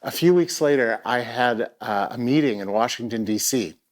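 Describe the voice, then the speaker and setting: A middle-aged man at a live arts event takes the stage to tell a personal story. His medium-pitched delivery is reflective and halting, with frequent repeated words as he gropes for phrasing.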